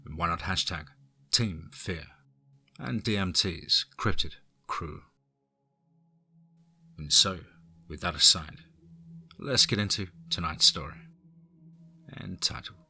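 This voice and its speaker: Cockney guy doing a horror podcast intro, deep voice but sharp, friendly plugging likes and shares. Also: takes it slowly, vocal fry, pauses often, breathy edge. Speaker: podcast host and narrator.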